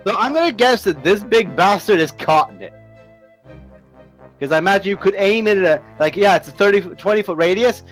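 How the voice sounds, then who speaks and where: A man running a tabletop game as game master, narrating with profane, laughing, animated storytelling. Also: sits high, a little fast, soft background music, poor audio.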